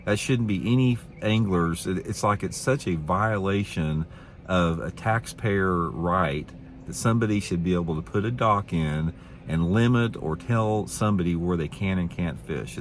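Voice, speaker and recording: A middle-aged man, a professional bass angler, telling a story to camera in a rambling, blunt, opinionated way, repeating his words. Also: a little hiss or hum.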